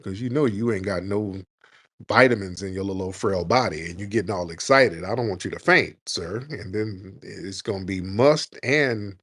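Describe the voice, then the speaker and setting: A man's voice: deep voice, moderate pace, fairly bright tone, breathy edge, dry recording, clean studio sound. A man hosting a live call-in chat, mocking and taunting his callers, calling them "sir". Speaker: host.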